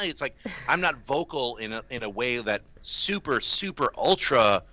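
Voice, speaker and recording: A movie show co-host with a bright, forceful mid-range voice and lively intonation talks at normal speed, even as he's losing his voice. In a casual panel chat he delivers emphatic, opinionated takes and mocks fan complaints.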